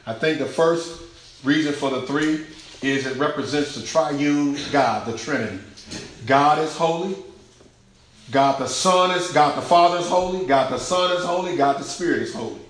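Man, preaching, rhythmic repetition, loud-to-hushed swings, slightly high voice, roomy church echo. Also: normal speed, a little hiss or hum. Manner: swings from shouted exclamations to hushed near-whispers. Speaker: pastor. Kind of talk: preaching sermon. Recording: echoey room.

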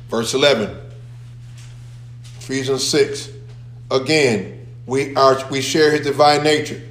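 Pastor, male, sermon delivery, repeats key phrases with rising emphasis, slightly high voice, echoey church room.

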